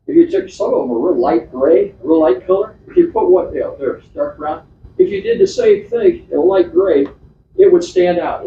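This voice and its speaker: A man's voice: fairly high pitch, warm tone, a little hiss or hum. A man giving an informal slide talk at a club meeting, chatty and rambling, with many restarts and fillers. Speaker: club presenter. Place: meeting room. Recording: echoey, distant, dull club meeting recording.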